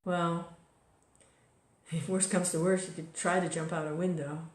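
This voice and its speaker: A woman's voice: fairly low pitch, level tone, measured pace. A woman giving an informal devotional talk in a conversational way, full of "you know" and small restarts. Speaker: devotional speaker. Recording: echoey room recording.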